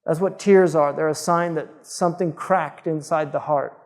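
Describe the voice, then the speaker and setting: A man's voice: a little high, fairly even intonation, normal speed, long reverb tail. A man, a scholar, giving an informal lecture in a conversational, digressive way with frequent fillers. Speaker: Islamic scholar teaching.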